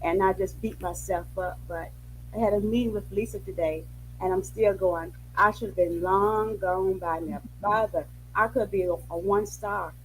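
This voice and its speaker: A soft-spoken woman giving a hesitant testimony on a call, pausing often with many ums. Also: mid-range voice, steady tone, a little hiss or hum, low-quality recording.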